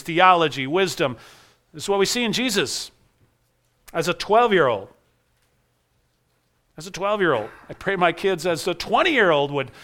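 A man's voice: high-pitched, bright, forceful tone. A man preaching a sermon, earnest, repeating key phrases for emphasis. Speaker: pastor.

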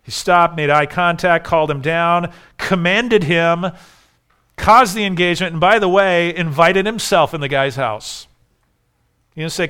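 A man preaching a sermon, emphatic, dropping soft and then rising loud. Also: fairly high pitch, normal speed, clear, resonant tone.

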